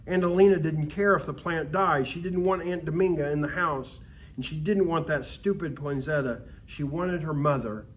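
Man, storybook reader, calm and expressive, fairly high voice, faint hiss in the background. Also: normal speed. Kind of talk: reading a Christmas story aloud.

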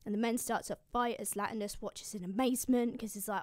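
A woman's voice: a little high, steady tone, fairly quick, dry recording, clean studio sound. A woman host giving a casual, slangy, swearing recap of an ancient epic. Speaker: classics video host.

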